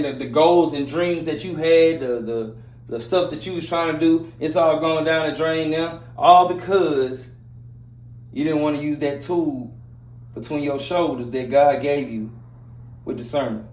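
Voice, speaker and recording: Blunt preachy man, echoey room. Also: a little high. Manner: blunt, preachy, repetitive, street slang. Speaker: relationship advice host. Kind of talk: casual monologue. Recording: echoey room with faint noise.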